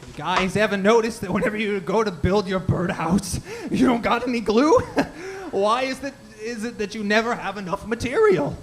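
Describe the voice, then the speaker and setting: A man voicing a smug male chaos spirit doing a failing stand-up act, with hammy drawn-out punchlines, in a live script reading. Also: high-pitched, a crowd in the background, pitched above the performer's own voice. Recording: noisy home recording.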